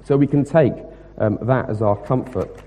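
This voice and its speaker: A man preaching a sermon, emphatic and rhetorical, moving between loud stressed points and quieter asides. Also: mid-range voice, normal speed. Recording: long reverb of a hall.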